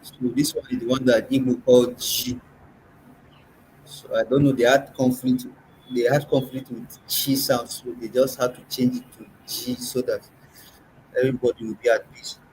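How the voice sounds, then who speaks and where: A man with a Nigerian accent leads a classroom lesson at a middle pitch. He patiently quizzes his students and sounds words out for them, while a faint room hum sits behind him. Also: little pitch movement, moderate pace, darkish tone, poor audio. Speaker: language workshop teacher.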